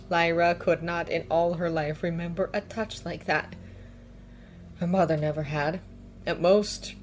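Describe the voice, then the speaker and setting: A woman reading fan fiction aloud in a calm, even storytelling manner. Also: lowish voice, slight background noise. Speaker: fanfiction reader. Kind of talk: audiobook narration.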